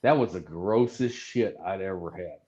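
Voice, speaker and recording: A man's voice: low voice, normal speed, darkish tone. A man talking as a podcast guest, telling blunt, profane stories in casual chat. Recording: dull lo-fi sound.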